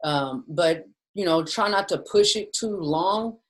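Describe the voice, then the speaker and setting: A woman leads a mindfulness lesson from home over a video call. Her delivery is relaxed and conversational, and she keeps turning to her listeners as "you guys". She sounds like a friendly teacher explaining things plainly. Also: lowish voice, takes it slowly, low-quality recording. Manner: casual and chatty, often says "you guys". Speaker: mindfulness instructor. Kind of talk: casual teaching in a webinar. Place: at home with her dog nearby. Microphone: video call setup.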